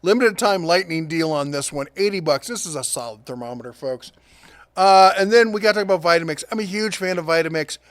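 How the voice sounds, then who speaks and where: A middle-aged man hosting a casual deals rundown, chatty and quick with asides, laughing at his own jokes. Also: on the high side, no room sound. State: prone to coughing fits. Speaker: host of a tool and deals channel.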